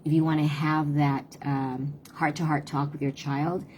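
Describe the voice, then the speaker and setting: Woman in her 50s doing a live parenting talk, deep-ish warm voice, earnest, lots of ums. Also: level tone, a little slow, slight background noise. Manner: earnest, conversational, frequent hesitations. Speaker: parenting talk host and tutor. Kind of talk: live-streamed advice talk.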